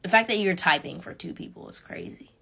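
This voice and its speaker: A young woman chatting casually with fans on a live stream, animated and sassy, talking straight to her viewers. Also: fairly low pitch, a little fast, creaky, breathy edge. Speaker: reality show contestant on a live stream. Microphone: phone.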